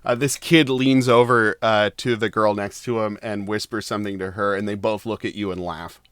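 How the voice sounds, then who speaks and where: A man's voice: fairly low pitch, steady tone, moderate pace, fairly bright tone, clean tone, no room sound. A man narrating as game master of a tabletop game, rambling with lots of fillers.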